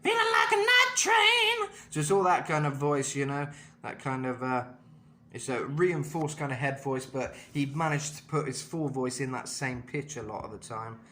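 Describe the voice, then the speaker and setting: A man's voice: medium pitch, normal speed. A man giving a casual vocal lesson in a chatty way, full of fillers and asides. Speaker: vocal coach.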